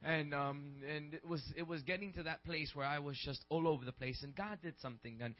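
A man in his twenties, a pastor, preaching in a rambling, conversational way that builds into shouts. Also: a little high, fairly quick. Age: 20s. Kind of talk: sermon. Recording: dull lo-fi recording.

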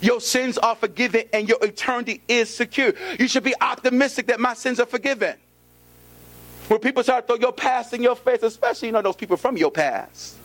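High-voiced preaching pastor. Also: male voice, brisk, a bit bright. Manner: preacherly, repetitive, emphatic call-and-response. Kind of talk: sermon.

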